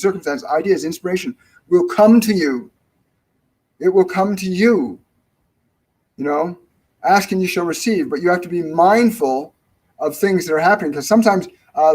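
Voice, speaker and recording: A man's voice: sits high, darkish tone, poor audio. A middle-aged man hosting a live-stream spiritual Q&A, rambling and repeating phrases for emphasis. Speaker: spiritual medium, show host.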